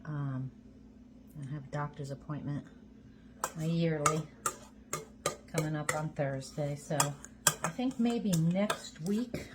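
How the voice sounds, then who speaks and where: A woman's voice: deep voice, slow pace, long pauses, heavy background noise. A woman from Georgia, chatting folksily to her viewers in her home kitchen. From Georgia, USA. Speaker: home cooking vlogger. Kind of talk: casual chatty cooking video.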